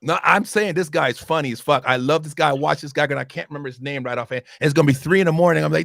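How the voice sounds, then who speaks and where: Animated man chatting, dry sound. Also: on the high side, quick pace, creaky, hardly any pauses, no echo. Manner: animated, swears freely, loud bursts. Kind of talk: casual chat.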